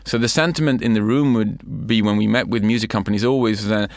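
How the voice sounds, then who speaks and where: A middle-aged man speaks as an interview guest, laying out his thinking in orderly steps. His voice sits a little low and carries a gravelly fry. The sound is close and dry, with no room around it. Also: no echo. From Sweden. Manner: measured, explanatory, builds points in lists. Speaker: company CEO and co-founder, guest. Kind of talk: conversational storytelling interview.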